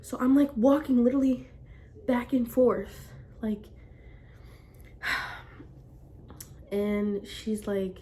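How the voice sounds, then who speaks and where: A woman's voice: fairly high pitch, drawn-out words, long pauses, warm tone, a little hiss or hum. A young woman telling a personal story in a casual vlog, rambling with constant "like" fillers. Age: young adult. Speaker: vlogger.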